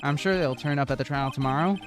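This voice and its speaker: A streamer voicing a brash, gruff male police detective in a game who keeps calling people "pal". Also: medium pitch, fast talker, over music, natural voice. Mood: explaining. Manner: gruff and blustery, says "pal". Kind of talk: voice acting while playing a game.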